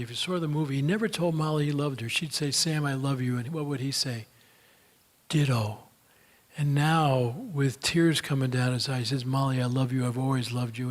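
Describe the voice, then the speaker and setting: A man's voice: mid-range voice, gravelly. Older man, folksy storyteller, chatty Q&A speaker. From United States. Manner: folksy, chatty, fillers like "you know". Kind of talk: storytelling talk and Q&A answers.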